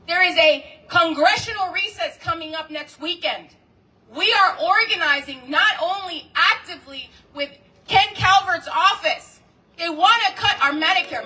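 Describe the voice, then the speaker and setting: High bright woman at a rally. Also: a little slow, far from the mic, poor audio. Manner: impassioned, leads call-and-response chants. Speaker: labor organizer speaking at a rally. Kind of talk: rally speech. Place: outdoor street rally.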